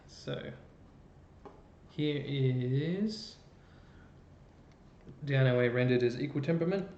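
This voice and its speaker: A man's voice: mid-range voice, slow, long pauses, a little mellow. Man explaining music tuning in a roomy space. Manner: explanatory, thinking aloud while working a computer. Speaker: chorus music educator. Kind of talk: online music lesson. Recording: roomy, dull lo-fi sound with faint noise.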